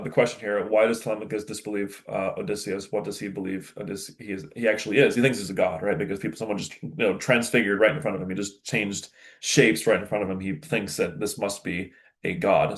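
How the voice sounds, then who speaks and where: A young male teacher reading a text aloud and explaining it to students in a casual, chatty way, with many likes and ums. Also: fairly low pitch.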